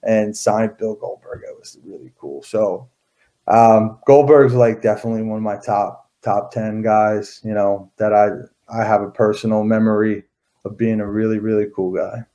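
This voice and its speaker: A man's voice: on the low side, fairly even intonation, normal speed, mellow. A man in his thirties, an interview guest, telling stories in a rambling casual way with many fillers and restarts.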